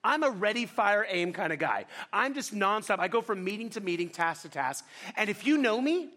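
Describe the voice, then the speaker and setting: A middle-aged male pastor preaching a sermon in a lively, self-deprecating storytelling manner, talking fast and animated. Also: high voice.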